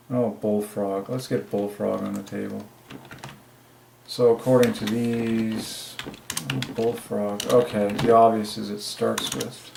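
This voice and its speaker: Gravelly man muttering over his research. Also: mid-range voice, darkish tone, slight background noise. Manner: muttering to himself while working. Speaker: channel host. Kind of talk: solo religious word-number study. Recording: echoey room.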